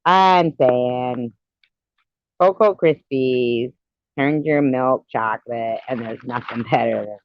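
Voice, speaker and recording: A woman's voice: rumbling low, slow, dry recording, muffled recording. A woman hosting a casual livestream, chatting with viewers and telling rambling jokes with frequent giggles. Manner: giggly, rambling joke-teller. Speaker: livestream host.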